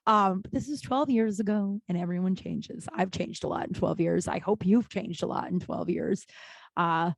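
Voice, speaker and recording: A woman in her thirties hosting her own podcast, talking candidly in a rambling, profane way with many restarts and sudden animated outbursts. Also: on the low side, normal speed, vocal fry, no room sound. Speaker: podcast host. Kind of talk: casual solo podcast monologue.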